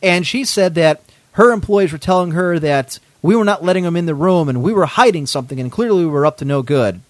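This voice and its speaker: Guy ranting a story on his podcast, lots of ups and downs, kinda high voice, swears a lot. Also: brisk, no room sound. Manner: animated, indignant, swears often. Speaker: podcast host. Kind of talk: casual storytelling.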